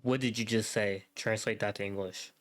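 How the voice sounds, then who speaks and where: Low-voiced man trash-talking crudely. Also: steady tone, moderate pace. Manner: crude, taunting, heavy swearing. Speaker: streamer. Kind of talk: casual trash talk.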